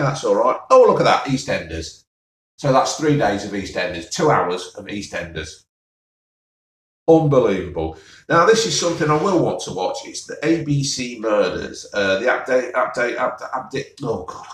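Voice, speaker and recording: Sarcastic man, mid-pitched, a grumbler with a sigh, recorded off-mic in an echoey room. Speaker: vlogger reviewing TV listings. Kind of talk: casual solo rant. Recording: roomy, mic at a distance.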